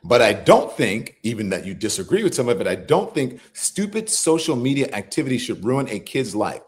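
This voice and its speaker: Animated, incredulous male commentary host. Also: medium pitch, fairly quick. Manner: incredulous, scolding, swears freely. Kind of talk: live political commentary show.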